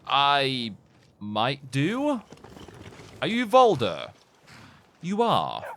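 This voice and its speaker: Slow, hesitant male gamer. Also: mid-range voice, huge pitch swings, a bit bright, slight background noise. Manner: hesitant, musing, self-mocking. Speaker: gamer host. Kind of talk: gameplay commentary.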